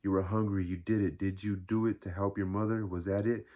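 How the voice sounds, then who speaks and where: A man's voice: deep voice, little pitch movement, a little fast, a little mellow, close to an everyday voice. A man reading aloud, voicing a timid young woman who pleads in bewilderment. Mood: pleading. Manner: bewildered, imploring.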